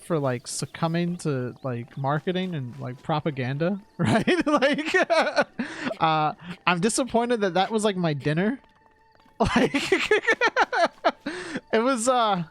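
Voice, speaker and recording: A man's voice: high voice, big pitch swings, slow pace, a bit bright. A man from New York chatting casually while streaming, rambling with lots of "like" and "right?" and frequent laughs.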